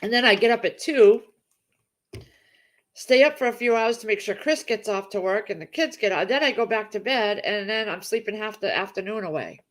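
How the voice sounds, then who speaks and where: A middle-aged woman hosts a casual livestream, chatting warmly with her viewers. She reads out their comments and gushes over them, rambling from one thought to the next. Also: medium pitch, moderate pace. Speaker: livestream host.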